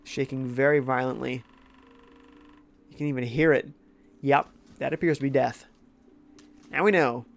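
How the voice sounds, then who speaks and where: A man's voice: mid-range voice, steady tone, measured pace, vocal fry, long pauses. A young man with a congested, sick-sounding voice, casually chatting while playing a game and reading out viewer comments. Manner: laid-back, reads chat aloud. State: congested from a cold. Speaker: game streamer.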